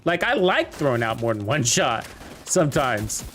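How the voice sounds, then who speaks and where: A man's voice: mid-range voice, sing-song, normal speed, a bit bright, faint music behind. A young man giving casual, rambling commentary while playing a video game, chatting to his viewers with lots of fillers. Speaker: game streamer.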